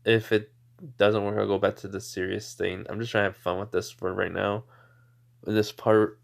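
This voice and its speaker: A man's voice: lowish voice, little pitch movement, moderate pace, vocal fry. A man casually improvising a fan story, rambling with many "you know" fillers.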